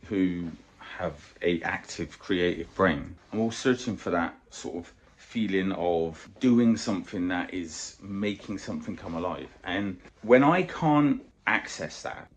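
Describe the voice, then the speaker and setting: A man in a casual motivational vlog, coaching on weight loss in a blunt, sweary, animated way. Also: lowish voice, a little hiss or hum.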